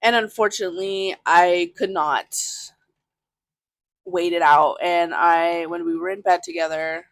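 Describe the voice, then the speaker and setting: A woman's voice: on the low side, steady tone, a little slow, gravelly, dry recording. A woman podcast host telling a personal story in a candid, casual way, full of fillers and the odd swear word.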